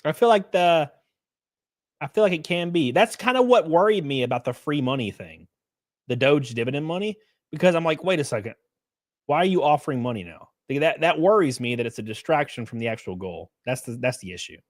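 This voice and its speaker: A man's voice: fairly high pitch, expressive, fairly quick, no echo. Chatty streamer guy reacting, bouncy voice, dry sound. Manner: chatty, hedging, repeats himself. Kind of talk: casual reaction commentary.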